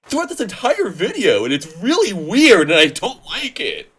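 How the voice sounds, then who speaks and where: A man's voice: sits high, wildly swooping pitch, normal speed, a bit bright, breathy edge. A man reacting to a video with casual, sarcastic, exasperated commentary. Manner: exasperated, sarcastic, mumbles trailing asides. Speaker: reaction channel host.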